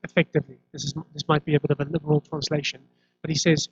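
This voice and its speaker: A man's voice: a little high, little pitch movement, rapid-fire, no room sound. A man preaching a sermon in a conversational way, often restarting and repeating words. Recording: dull lo-fi recording.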